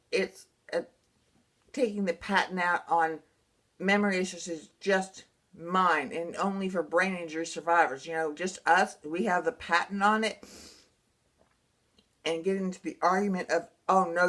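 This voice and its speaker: A woman's voice: on the low side, fairly bright tone. A woman, earnestly telling a rambling personal story to her viewers. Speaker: blogger sharing personal experience. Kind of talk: casual personal storytelling to camera.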